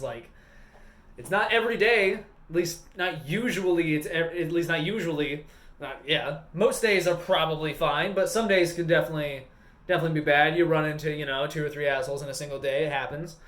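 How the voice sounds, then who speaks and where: A man's voice: a little high, a bit bright, echoey room. A man working as a gas station attendant, talking casually in a vlog, rambling with lots of "like" and swearing freely.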